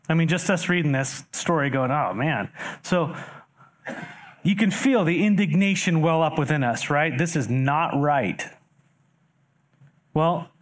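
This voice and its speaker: A man preaching a sermon, reading scripture verses aloud and explaining them, addressing the congregation directly with animated rises for emphasis and rhetorical questions. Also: mid-range voice. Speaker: pastor.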